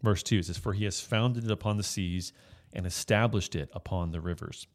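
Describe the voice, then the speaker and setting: A man with a notably low voice teaches through a psalm in an earnest, explanatory way. He often restarts his phrases as he thinks aloud. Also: normal speed. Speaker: Bible teacher. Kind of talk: sermon-style Bible teaching.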